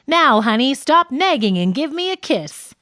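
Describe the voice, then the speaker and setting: A woman's voice: high voice, very animated, a little slow, a bit bright, no room sound, studio quality, voice pushed up, exaggerated voice. A woman reading aloud in a tough-girl voice as a bossy, brash young woman from a radio sketch.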